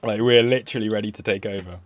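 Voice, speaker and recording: A man's voice: on the low side, fast talker. A man hosting a live trading stream, chatting casually with frequent fillers and self-mocking asides.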